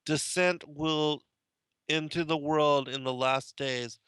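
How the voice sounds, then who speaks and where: A man's voice: on the high side, fairly even intonation, slow pace, a bit bright, smooth, dry recording. A man hosting a monologue show, talking through passages and reading scripture aloud, with hesitant asides and rising emphasis on exclamations. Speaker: host.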